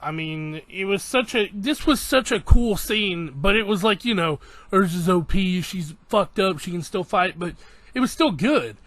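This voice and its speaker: Excitable male anime reviewer, high bright voice, dry close sound, swears and re-enacts scenes. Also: moderate pace, no echo. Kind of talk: casual episode recap.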